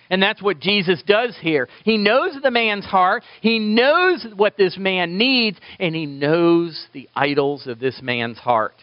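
A man preaching a sermon in a fairly high voice, jumping between emphatic, raised lines and hushed asides. The sound is dry and a little dull, with no room echo. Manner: animated preaching with sudden loud and soft turns, playful asides to the congregation. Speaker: pastor.

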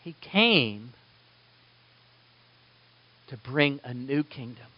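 Lively, animated male preacher. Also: medium pitch, very slow, muffled recording. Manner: animated preaching, acts out quoted voices. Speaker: pastor. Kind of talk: sermon.

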